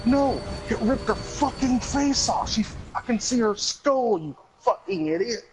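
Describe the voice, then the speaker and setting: A man voicing a hysterical woman on a phone call, yelling in a shrill, furious way. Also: animated, a little slow, slight background noise. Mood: frantic.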